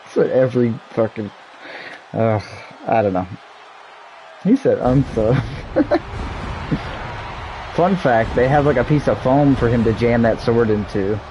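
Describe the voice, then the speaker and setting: A man's voice: medium pitch, animated, a little slow, pauses often, noisy background. A young man hosting a gaming video, rambling and joking with frequent laughs and swearing. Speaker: gaming channel host. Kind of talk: let's-play commentary.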